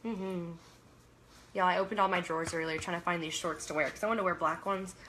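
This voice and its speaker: A woman's voice: lowish voice, steady tone, fairly quick, a bit bright, a little hiss or hum. A young woman from Canada hosting a casual livestream, reading viewer comments aloud, laughing often and trailing off mid-sentence. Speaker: livestream host.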